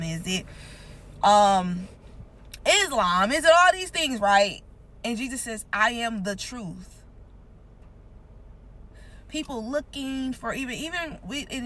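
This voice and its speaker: A woman's voice: mid-range voice, a bit bright, a little hiss or hum, low-quality recording. A woman giving an earnest, informal devotional teaching, repeating points for emphasis. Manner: earnest, repetitive, emphatic, conversational. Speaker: Christian content creator.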